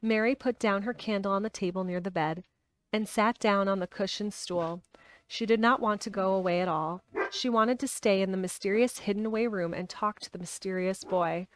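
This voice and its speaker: A woman's voice: mid-range voice, moderate pace, clean tone, dry recording. A woman reading a novel aloud on a live stream at home, breaking off for chatty asides to her viewers. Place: home with dogs around.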